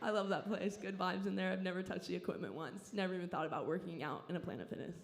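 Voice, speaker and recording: A woman's voice: on the low side, quick pace, vocal fry. A young woman from Southern California doing a stand-up set on a club stage into a handheld mic, rambling, self-deprecating and swearing freely. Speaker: stand-up comedian.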